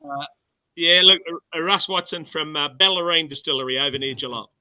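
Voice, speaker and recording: An Australian man, a guest distiller, chatting in a relaxed way over a video call. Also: fairly high pitch, fairly quick. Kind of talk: casual video call chat. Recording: dull lo-fi video call audio.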